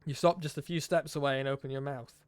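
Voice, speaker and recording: A man streaming, reading a game's story aloud with expressive narration and wry asides. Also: mid-range voice, quick pace, clean tone, dry recording.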